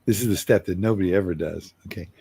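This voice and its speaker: Earnest, low-voiced man coaching. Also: mellow, husky, no room sound. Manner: earnest, slows down for emphasis. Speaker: communication coach. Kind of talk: role-played apology demonstration.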